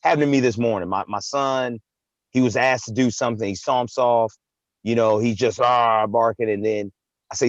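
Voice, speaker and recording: A man's voice: mid-range voice, fairly even intonation, fairly quick, no room sound, dull audio. A man hosting a live talk show, chatting casually and animatedly, often repeating words and saying "man" and "right". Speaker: host. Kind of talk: casual chat.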